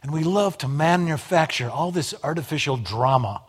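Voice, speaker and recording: A man delivering a sermon in a slightly higher-than-average voice. He swings between loud emphatic lines and hushed, low passages, with dry wit along the way. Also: lively intonation, normal speed, husky. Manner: emphatic, dramatic rises and drops in volume; wry humor. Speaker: preacher.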